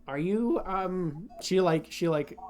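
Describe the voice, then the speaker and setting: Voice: medium pitch, expressive, slow, over music. Rambling game master narrating. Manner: rambling, many fillers and restarts, laughs often.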